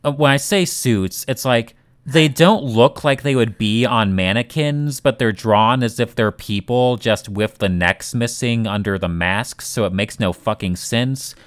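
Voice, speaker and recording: Slow-talking smooth-voiced man, blunt. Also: mid-range voice, dry recording, studio quality. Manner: blunt, swears freely, rambling asides. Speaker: podcast co-host. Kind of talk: casual critical chat.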